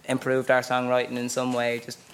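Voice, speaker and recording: A man sits on a live stage talking loosely, pausing on fillers and laughing easily. A faint noise runs under his voice. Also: mid-range voice, completely flat delivery. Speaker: musician guest. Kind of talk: casual chat on stage.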